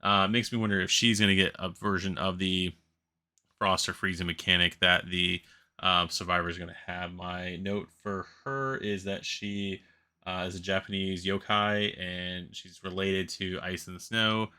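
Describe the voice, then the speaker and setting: A man's voice: sits low, level tone, a little slow, bright, forceful tone, clear, resonant tone. A sleepy man hosting a board game channel, chatting casually and rambling, correcting himself and laughing at his own slips. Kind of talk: casual solo commentary on a crowdfunding campaign.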